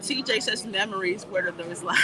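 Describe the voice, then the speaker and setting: A woman hosting a casual livestream while walking through a theme park, reading viewer comments and chatting in an animated way. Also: medium pitch. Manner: chatty and animated, warm greetings, laughs often. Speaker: livestream host. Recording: noisy outdoor livestream audio. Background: park ambience and music.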